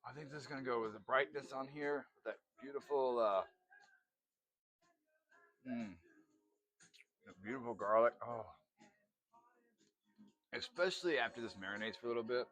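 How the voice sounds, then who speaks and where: A man's voice: medium pitch, normal speed, long pauses, fairly bright tone. A man chatting casually while cooking in a home video, rambling with lots of fillers and asides. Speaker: home cook vlogger. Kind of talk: casual cooking vlog chat.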